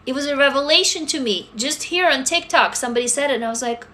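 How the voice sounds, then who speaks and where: A woman's voice: sits high, fast, bright, forceful tone, slight background noise. A woman, talking bluntly and emphatically to viewers on a livestream, swearing freely. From Russia. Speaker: livestream host answering viewers. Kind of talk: casual livestream chat.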